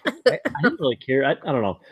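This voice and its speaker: A man's voice: a little high, huge pitch swings, fast talker, fairly bright tone, husky, no room sound. A man co-hosting a casual podcast, blunt and stammering with restarts. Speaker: podcast co-host, a father. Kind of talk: casual chat.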